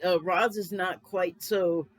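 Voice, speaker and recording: A woman in her fifties from Los Angeles casually reviews a film, rambling and chatty, often giving small laughs and correcting herself. Her voice is fairly low, slow and fairly even in intonation, and the recording is rough.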